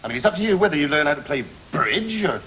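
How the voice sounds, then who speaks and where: A man's voice: fairly high pitch, sing-song, quick pace, heavy background noise. A man with an English accent playing a pushy young husband, a trainee salesman who rambles eagerly and keeps saying "I mean", in a studio sitcom. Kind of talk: 1980s studio sitcom acting.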